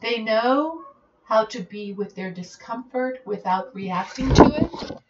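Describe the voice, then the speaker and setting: A woman leadership coach giving a podcast monologue, speaking in a deliberate, instructive way. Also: on the high side, expressive, dull audio, very noisy.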